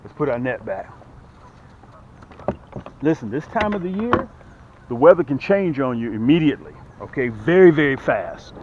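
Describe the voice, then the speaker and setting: A man hosting a fishing vlog from a boat outdoors, chatty and excited, talking straight to his viewers. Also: mid-range voice, moderate pace, long pauses. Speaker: fishing channel host. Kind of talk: casual fishing vlog commentary. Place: on a small boat outdoors on a lake. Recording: dull lo-fi outdoor audio with faint noise.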